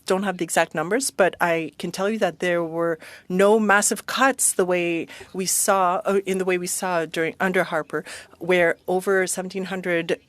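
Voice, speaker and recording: A woman simultaneously interpreting a parliamentary committee hearing, steady and even, with frequent hesitations. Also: lowish voice, moderate pace, no echo.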